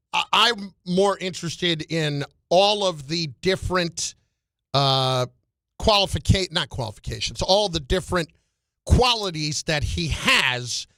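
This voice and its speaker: Radio host guy in the studio, kinda high bright voice, dry sound, explains himself carefully. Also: no room sound. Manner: measured, clarifying his point. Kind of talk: sports talk radio.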